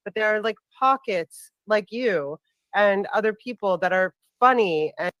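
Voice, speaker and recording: A woman arguing on a live call in a measured, lecturing way. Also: medium pitch, expressive, a bit bright, dry recording.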